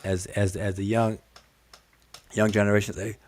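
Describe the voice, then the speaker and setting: Animated man teaching live to viewers. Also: on the low side, moderate pace, no room sound. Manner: animated, repetitive, calls out "look, look" to viewers; addresses the audience as "y'all" and "family". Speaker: host teaching on a live stream. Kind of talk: live-stream lesson talking to viewers in chat.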